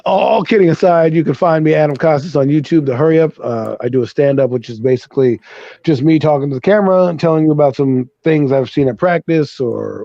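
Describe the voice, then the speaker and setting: A man's voice: mid-range voice, dark tone, no room sound, lo-fi sound. A man co-hosting a sports podcast, rambling and joking at his own expense. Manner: rambling, jokey, self-deprecating. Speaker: podcast co-host. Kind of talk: casual sports podcast chat.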